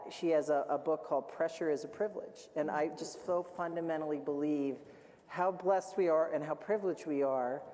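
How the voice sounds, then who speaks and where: A woman's voice: deep voice, dark tone. A woman executive on a panel, speaking earnestly and with emphasis. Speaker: company CEO panelist. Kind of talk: panel discussion. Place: conference stage. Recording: hall reverb.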